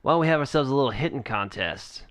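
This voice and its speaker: A man's voice: mid-range voice, animated, fast, fairly bright tone, dry recording, studio quality, lightly acted. A man voicing a greedy, smug gang boss who bargains slyly in a tabletop game.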